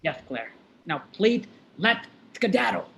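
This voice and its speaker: A woman's voice: lowish voice, sing-song, measured pace, reverberant, background noise. A woman voicing a limping, lisping masked man who urgently pleads and whispers, in a live play reading over a video call. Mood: pleading. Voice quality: lisp.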